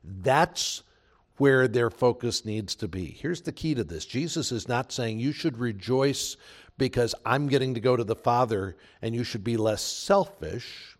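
Male pastor, mid-range voice, emphatic earnest sermon delivery. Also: mid-range voice. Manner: earnest, emphatic preaching with repeated phrases.

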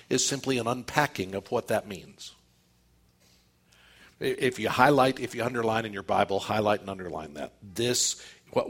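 A man's voice: lowish voice, slightly rough. A man preaching a sermon as pastor, emphatic and full of rhetorical questions to his congregation.

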